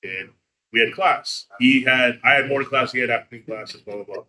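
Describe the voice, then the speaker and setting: Brisk, bright-voiced man telling stories. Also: mid-range voice, poor audio. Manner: animated, profane storyteller. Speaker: podcast co-host. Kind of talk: casual chat. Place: room with a live audience.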